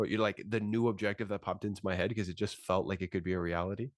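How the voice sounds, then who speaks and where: A congested man hosting a casual podcast in a low voice, chatting loosely and tossing in "bro" constantly. The sound is dry and close, with no room around it. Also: steady tone, fast, dry recording. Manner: laid-back, says "bro" a lot. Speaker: podcast host.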